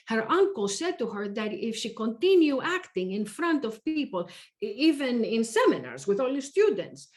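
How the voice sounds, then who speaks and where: A woman reading a theatre teacher's testimony in a measured, reflective manner for a verbatim theatre reading. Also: on the high side. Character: woman theatre teacher recalling her students.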